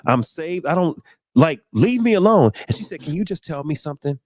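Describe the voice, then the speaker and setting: A young man hosting a podcast, telling an animated story and acting out the voices in it. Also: on the high side, quick pace, no echo, studio quality. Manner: acts out voices in his stories, preachy exclamations. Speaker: podcast host.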